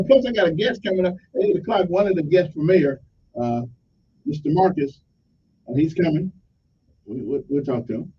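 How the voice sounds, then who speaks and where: Male talk radio host, high and lively voice, rambling jokey monologue, faint rumble behind. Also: highs cut off. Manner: joking, rambling, animated delivery. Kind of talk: casual call-in radio monologue.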